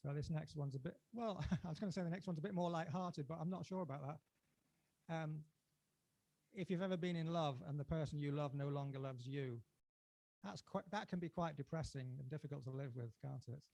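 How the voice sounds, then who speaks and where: An English poet reads his work at a book launch, his voice sitting fairly high and swelling with passion. Between poems he chats loosely and pokes fun at himself. The sound is dry and close. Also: brisk, gravelly, dry recording. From England. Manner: impassioned, rising to near-shouting at peaks; chatty and self-deprecating between poems. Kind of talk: performance poetry reading.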